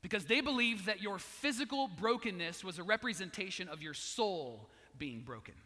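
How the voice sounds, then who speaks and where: A man's voice: sits high, animated, normal speed, pushed and bright, big-room sound. A man preaching a sermon as pastor, telling a story and acting out its voices.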